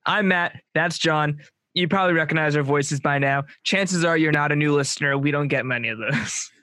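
A young man in his twenties chats on his podcast, a touch high in pitch. He jokes around and laughs easily. The recording is dry and close, with no room sound. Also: moderate pace, pushed and bright, no room sound. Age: 20s. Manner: joking, laughs often. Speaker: podcast co-host. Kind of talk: casual podcast chat.

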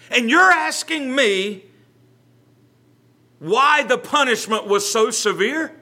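A man's voice: extremely high pitch, animated, slow, long pauses, sharp tone. A man, a pastor leading a Bible study, speaking earnestly and conversationally, often repeating words as he gathers his thoughts.

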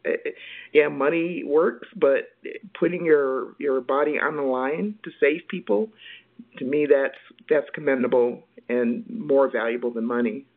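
A man hosting a casual interview in a relaxed, friendly way that sounds like a conversation. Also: mid-range voice, measured pace, narrow, tinny audio. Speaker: interviewer, host.

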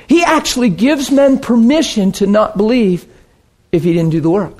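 Animated high-voiced male preacher. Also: measured pace. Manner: animated, acts out scenes with gasps and laughs. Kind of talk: sermon storytelling.

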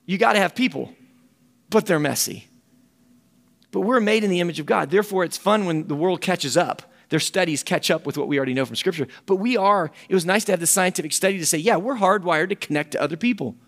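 A man's voice: high-pitched, quick pace, creaky, fairly bright tone. A middle-aged man, a camp ministry director giving a folksy conference talk with quoted voices.

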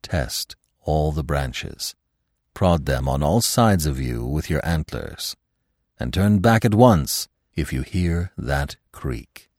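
Man voicing a deep, gentle old stag. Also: animated, slow, no echo, studio quality, heavily acted. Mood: grave warning. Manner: gentle, stern commanding murmur. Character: wise old male stag, grave and protective.

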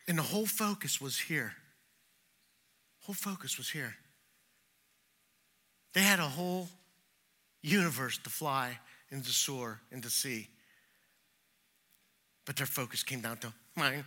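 A middle-aged man preaching a sermon, telling personal stories and acting out the voices he quotes, swinging between loud and hushed. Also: medium pitch, moderate pace, long pauses. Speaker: pastor.

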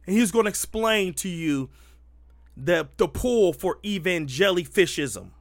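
A man's voice: high-pitched, animated, unhurried. A man giving emphatic, preachy Christian commentary, full of rhetorical questions and restarts.

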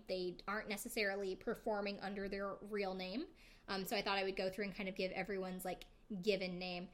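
Bright and mid-range, this female podcast host casually recaps an episode of a reality show. Her light manner brings frequent laughter and plenty of "like" and "um."

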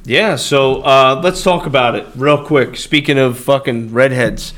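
A man hosting a podcast in casual banter, talking in a loud, excitable way and swearing often. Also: mid-range voice, a little slow. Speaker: podcast host.

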